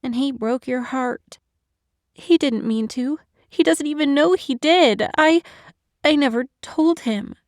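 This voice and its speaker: A woman's voice: sits high, takes it slowly, no room sound, studio quality, voice pushed up. Woman voicing a doting older matchmaker. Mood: consoling. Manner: coaxing, affectionate, calls everyone darling. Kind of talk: audiobook narration.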